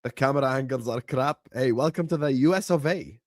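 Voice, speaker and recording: A man hosting a football watchalong livestream, excitedly chanting and urging viewers to subscribe. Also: medium pitch, a little fast, no echo, studio quality. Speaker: livestream host. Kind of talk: hyped watchalong livestream chat.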